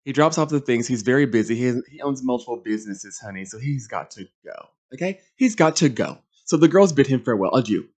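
A young adult man hosting a reality TV recap, talking in a sassy, campy, animated way with big swings in pitch. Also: fast, hardly any pauses. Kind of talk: casual recap monologue.

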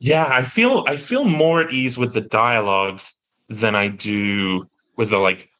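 Bright-voiced joking man guest. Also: mid-range voice, unhurried, low-quality recording. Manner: self-deprecating, jokey, many restarts. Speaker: guest actor. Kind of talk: casual podcast chat.

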